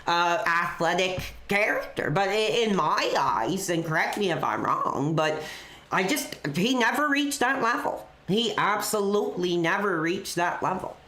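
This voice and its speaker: A woman hosting a live wrestling show, telling stories off the cuff and filling every pause with "you know". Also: on the low side, animated, fairly bright tone, roomy sound. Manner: rambling storyteller with constant "you know". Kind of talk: off-the-cuff live-stream chat.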